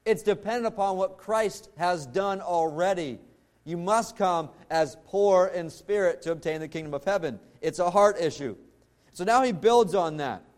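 Man, high voice, pastor, earnest sermon, slows and drops low for emphasis. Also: a little mellow.

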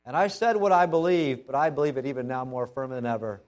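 A man voicing the apostle Peter as a humbled, remorseful grown man, speaking softly and in a subdued way. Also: mid-range voice, quick pace, soft background music, close to an everyday voice. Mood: earnest. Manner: soft, hushed and subdued.

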